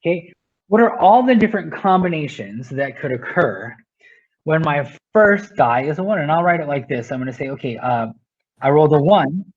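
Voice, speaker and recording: A man's voice: a little high, lively intonation, normal speed, dull audio. A male teacher explaining a math lesson step by step, often checking in with "right?".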